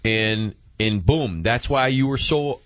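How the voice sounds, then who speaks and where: A man hosting a casual chat, excitable and repeating words as he gets going. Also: medium pitch, takes it slowly, no room sound. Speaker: podcast host. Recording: dull lo-fi audio.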